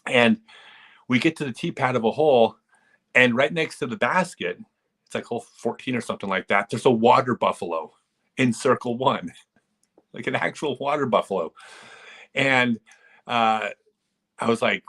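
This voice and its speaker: Animated man telling stories on a live stream. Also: medium pitch, normal speed, breathy edge. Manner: animated storyteller who chuckles and acts out quotes. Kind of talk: casual live-stream storytelling.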